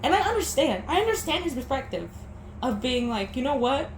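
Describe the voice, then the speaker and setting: Young woman venting about a breakup, teary and halting, fairly high voice, roomy echo. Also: sing-song. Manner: emotional, talks through tears, stumbles and restarts. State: teary, sniffling. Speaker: vlogger. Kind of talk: personal vlog about a breakup. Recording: echoey room with faint background noise.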